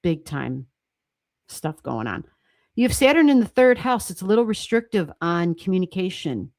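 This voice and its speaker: A woman hosting a livestream, chatting casually as she reads charts, excitable and laughing often, with casual swearing. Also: lowish voice, normal speed, no room sound. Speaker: astrology livestream host.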